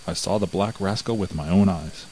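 A man voicing a curious, excitable country miller who exclaims in surprise, with a low voice. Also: normal speed, slight background noise, poor audio. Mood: eager.

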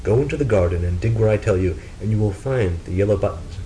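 A man's voice: on the low side, fast talker, dark tone, a little hiss or hum, natural voice, low-quality recording. A man voicing a scatterbrained, cheerful young wife in a storybook reading, raising his voice to chatter innocent excuses. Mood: eager.

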